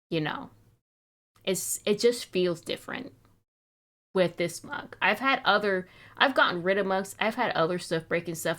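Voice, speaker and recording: A woman's voice: on the low side, fairly bright tone. A young woman streaming live, chatting casually and fretting aloud in a rambling, wistful way, sounding a little sick.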